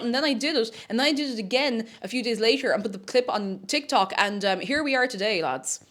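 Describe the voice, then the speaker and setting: A woman's voice: on the high side, expressive, fast, faint music behind. A woman chatting casually and giggling while cooking at home on a live stream. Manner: chatty and giggly, breaks into silly noises.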